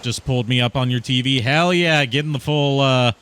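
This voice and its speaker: A man's voice: mid-range voice, a little fast, a bit bright, smooth. A man streaming a video game, chatting casually and rambling with lots of fillers and jokes. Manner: rambling, joking, filler-heavy. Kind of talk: casual gameplay commentary. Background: faint game music.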